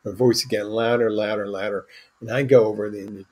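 A man's voice: on the low side, fairly even intonation, a little fast, a little mellow, slightly rough. A man hosting a podcast, telling a bartending story in a rambling, anecdotal way with restarts and asides. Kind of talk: casual storytelling monologue.

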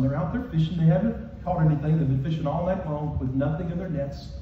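A male pastor delivers a sermon with emphatic, repetitive phrasing, his high voice dark and mellow in tone. He shifts from raised, near-shouted lines to quiet ones. The sound is dull and comes from far off in a very echoey church hall. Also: brisk, hardly any pauses, slight background noise. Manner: emphatic, repetitive preaching that swings from shouting to soft.

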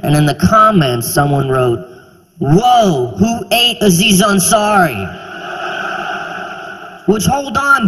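A man in his twenties performing a stand-up comedy routine, animated and incredulous, sometimes bursting into shouts, on a handheld mic on a theater stage. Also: high-pitched, slightly rough. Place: theater stage before a live audience. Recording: reverberant live hall, faint ambience.

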